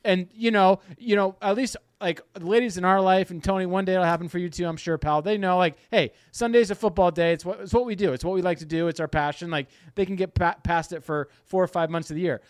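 A man in his thirties with a fairly high voice chats casually as a podcast co-host. He rambles a little and pokes fun at himself, recorded close and dry. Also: fast talker, hardly any pauses, clean tone, dry recording. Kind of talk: casual chat.

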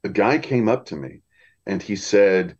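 A man, an audiobook narrator, telling lively anecdotes in a podcast conversation. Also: on the low side, a little slow, slightly rough, lo-fi sound. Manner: animated anecdotes with acted quotes. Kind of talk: storytelling in a podcast chat.

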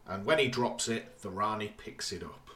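A man with a bright, forceful voice co-hosts a casual podcast. He talks through an episode's plot in an easy, conversational way and drops wry, deadpan remarks along the way. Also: lowish voice, moderate pace. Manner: dry, wry asides while summarising. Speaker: podcast co-host. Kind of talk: casual chat recapping an episode.

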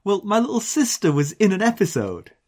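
A man's voice: sits high, fairly quick. An English man co-hosting a podcast, chatting casually and telling an anecdote with quoted voices. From England. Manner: animated storyteller, mimics accents in quotes. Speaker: podcast co-host. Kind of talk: casual chat.

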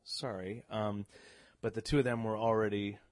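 A middle-aged man from the Boston area telling stories as a podcast guest, animated and often laughing. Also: fairly low pitch, moderate pace, no room sound. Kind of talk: casual podcast conversation.

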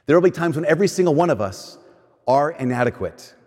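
Man, pastor, conversational sermon, fairly high voice, long hall reverb. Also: animated, darkish tone. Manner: conversational preaching, shifts between slow emphatic lines and quick asides.

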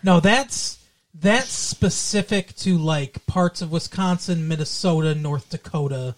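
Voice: medium pitch, unhurried, a little hiss or hum. A podcast co-host from Michigan, chatting casually about a movie with lots of restarts and fillers.

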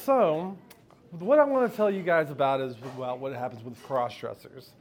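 At a live storytelling event, a storyteller from the United States shares a frank, foul-mouthed personal tale on stage, frequently laughing with the audience. He speaks at a fairly high pitch and a moderate pace.

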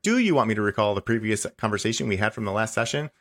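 A man reading the lines of a stubborn, passive-aggressive male AI chatbot in a comedy podcast, insisting he is right and tacking on a deadpan "smiley face". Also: lowish voice, very fast, heavily acted. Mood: helpful. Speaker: podcast host. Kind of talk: comedic dramatic reading of a chat log.

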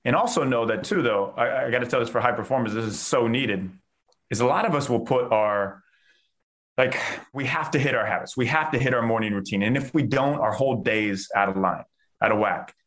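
A man's voice: medium pitch, a little fast, fairly bright tone. Enthusiastic man coaching. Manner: enthusiastic, uses filler "like" often. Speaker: mindset coach. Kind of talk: conversational podcast interview.

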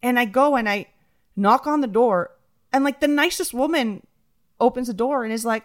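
A young woman co-hosting a casual chat, telling an anecdote in an animated way and acting out quotes. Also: a little high, normal speed. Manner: animated, acts out quotes in voices. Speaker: podcast co-host.

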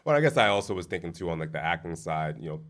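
A man's voice: low-pitched, sing-song, racing, fairly bright tone. A man interviewing a guest, asking questions in an easygoing way with short encouraging replies. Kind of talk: casual interview chat.

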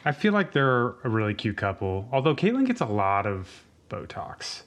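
A man's voice: on the low side, big pitch swings, normal speed, a bit bright. A man co-hosting a podcast, laid-back, giving short agreements and blunt opinions. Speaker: podcast co-host. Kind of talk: casual chat.

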